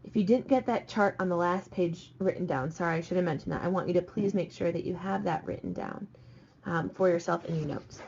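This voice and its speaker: A woman's voice: lowish voice, a little fast, gravelly, a little mellow, a little hiss or hum. A woman teacher talking students through a slide lesson, patient and repeating the key points. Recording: dull lo-fi recording.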